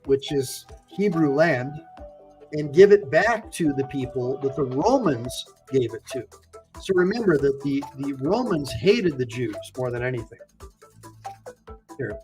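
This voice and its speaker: A man's voice: fairly high pitch, a little mellow. A man hosting a livestream as an attorney, ranting through heated rhetorical questions. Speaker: attorney and online show host. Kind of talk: livestream political commentary.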